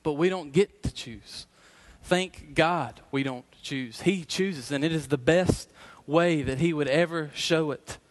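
A middle-aged man preaching a sermon as pastor, earnest and emphatic, slowing down to repeat key phrases. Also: on the high side.

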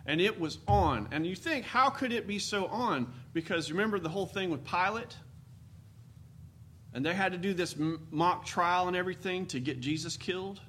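A man's voice: high voice, normal speed, bright, forceful tone. A man preaching a sermon in a folksy, storytelling manner with dramatic emphasis. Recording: faint background noise.

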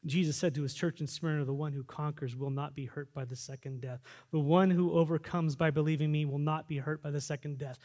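A pastor preaching a sermon, swinging between loud fervent exhortation and quiet reflective asides. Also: male voice, a little high, steady tone, fairly quick, few pauses. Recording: long reverb of a large hall.

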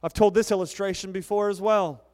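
A male pastor in his thirties preaching a sermon with dramatic swings between loud declarations and hushed storytelling. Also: high voice, steady tone, a little fast, long reverb tail.

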